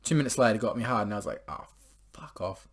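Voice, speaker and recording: A man's voice: lowish voice, expressive, fast talker, slightly rough. A young man casually telling a story to camera, rambling and crude, full of swearing and filler words. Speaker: vlogger.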